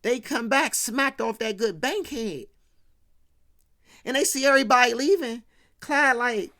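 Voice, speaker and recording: A show host doing an animated, slangy recap of a film, acting out the characters' lines and swinging between hushed asides and loud bursts. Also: mid-range voice, measured pace, long pauses. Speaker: host of a movie commentary channel.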